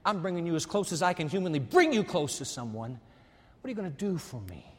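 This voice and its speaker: A man's voice: on the high side, sing-song, fast. A man voicing God in a sermon, speaking to the preacher in an earnest, questioning way. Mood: pleading. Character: God, calm divine voice addressing a preacher. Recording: long hall reverb.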